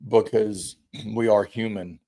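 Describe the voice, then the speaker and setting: Male high school football coach, low mellow voice, rambling casual storyteller. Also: steady tone, slow, creaky. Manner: rambling storyteller, acts out quotes. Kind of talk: casual chat.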